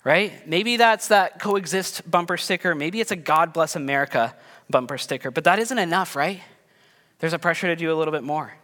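A pastor in his thirties preaches a sermon casually and conversationally, telling self-deprecating stories about his family. His voice is fairly high and sharp, moving at a moderate pace. The recording carries a long hall reverb.

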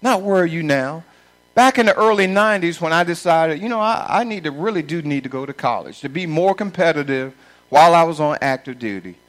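A middle-aged man preaching a sermon, emphatic and often shouting, repeating lines for stress. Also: on the high side, expressive, fairly quick, rough recording.

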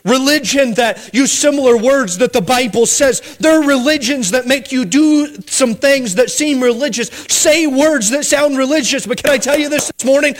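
A man preaching a sermon, emphatic, his voice rising and then dropping low for stress. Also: normal speed, few pauses. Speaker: pastor.

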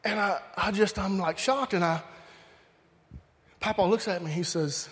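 Southern preacher guy, folksy funny stories, kinda high voice, big echoey hall. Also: measured pace, pauses often. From Alabama. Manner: folksy, animated, talks straight to the crowd. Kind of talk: humorous storytelling sermon. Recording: long hall reverb.

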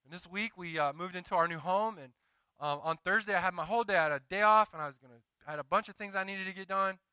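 A man's voice: high-pitched, quick pace, bright, forceful tone, clear, resonant tone, dry recording. A married man preaching a sermon as pastor, moving between conversational confession and emphatic exhortation. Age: adult, married.

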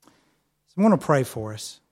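A man preaching a sermon, telling a personal story in a conversational way with fillers, then slowing and softening into prayer. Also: medium pitch, big pitch swings. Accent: not local to the church's area. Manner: softer and slower when praying. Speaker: pastor.

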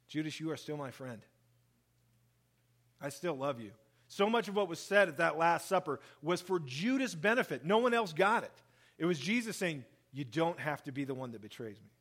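A male pastor with a slightly high voice delivers an animated sermon, reading Scripture and commenting on it. He acts out quotes, with lively swings in pitch and volume.

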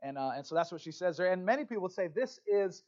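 A man's voice: sits high, expressive, fast, darkish tone, highs cut off. A man preaching a sermon, reading scripture with rising emphasis and turning often to speak to the congregation. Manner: expository preaching with asides to the congregation. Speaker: pastor.

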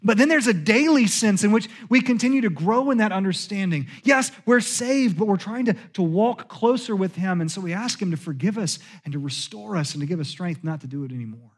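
A man with a high voice preaches a sermon in a church. He talks in a conversational way and sinks to a hushed tone when he voices confessions. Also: lively intonation, a little fast, few pauses. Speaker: pastor. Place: church sanctuary.

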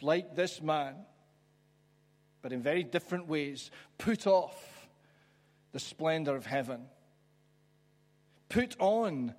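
A man preaching a sermon, reflective and conversational, pausing for emphasis. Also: a little high. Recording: church hall with long reverb.

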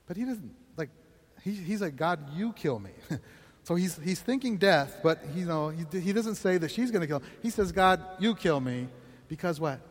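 A pastor delivers a sermon in a bright, high voice, easygoing and conversational. He laughs often and keeps turning to his listeners with questions. His voice rings out with a long reverb tail.

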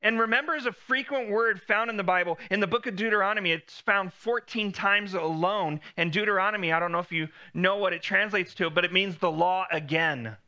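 A man's voice: sits high, a little fast, few pauses, pushed and bright, muffled recording. A man preaching a sermon in a conversational way, lifting his voice when he quotes God.

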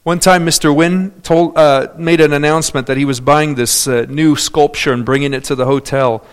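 A male preacher delivering a sermon, swinging between loud, drawn-out declarations and hushed, soft-spoken asides. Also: fairly high pitch, steady tone, smooth.

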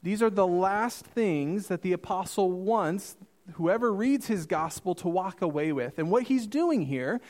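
A man in his thirties preaching a sermon, reading scripture and acting out the dialogue with lively storytelling. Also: sits high, a little slow. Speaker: missionary preacher.

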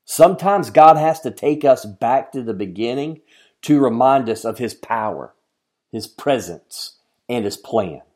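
A man preaching a sermon as a pastor, earnest, often asking the listeners questions and moving from emphatic lines to hushed ones. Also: medium pitch. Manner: addresses listeners directly with questions.

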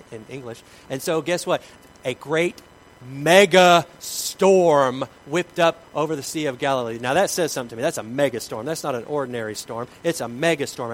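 A man's voice: on the high side, slight background noise, low-quality recording. Man preaching with dramatic swings. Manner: dramatic storytelling, swings between loud and hushed. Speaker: pastor. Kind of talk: sermon.

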